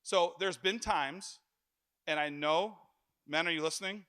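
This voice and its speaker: A middle-aged man preaching a sermon in church, telling stories with jokes and lively animation. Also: on the high side, unhurried. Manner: animated, joking storyteller.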